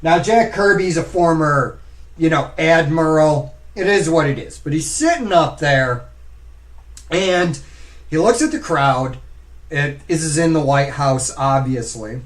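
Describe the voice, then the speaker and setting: A man's voice: fairly high pitch, lively intonation, measured pace. A man hosting a live stream, talking casually and rambling as he addresses his viewers directly. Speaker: streamer host.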